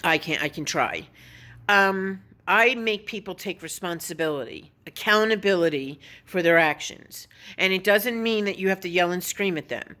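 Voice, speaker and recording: A woman's voice: lowish voice, expressive, normal speed, sharp tone. A woman vlogging casually, telling a story in a blunt, opinionated way and swearing now and then. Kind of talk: casual vlog monologue.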